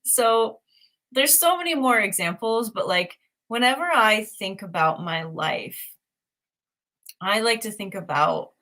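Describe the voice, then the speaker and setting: A woman's voice: mid-range voice, expressive, unhurried, bright, forceful tone. A woman chatting casually and enthusiastically, meandering with many fillers. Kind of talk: casual chat.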